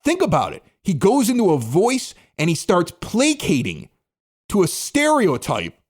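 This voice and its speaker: A man's voice: high voice, huge pitch swings, unhurried, slightly rough. A man in his forties from Chicago's South Side, a former radio DJ, telling a candid, self-critical story on a podcast. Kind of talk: casual storytelling commentary.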